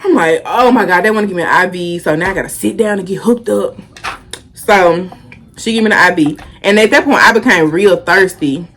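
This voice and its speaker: A woman's voice: on the low side, brisk, fairly bright tone. A young woman, telling a casual storytime and animatedly acting out the quotes. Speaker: vlogger.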